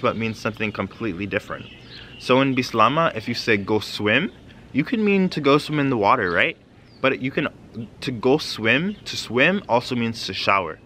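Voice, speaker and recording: Man, language teacher, bright voice, patient explanations, slow repeated phrases, faint background hum. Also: on the low side. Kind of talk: casual video language lesson.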